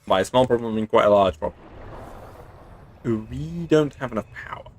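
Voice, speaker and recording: A man's voice: medium pitch, normal speed, soft background music. A man from England casually chatting through a game stream, playful and chatty, throwing in silly sound effects. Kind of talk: casual gameplay commentary.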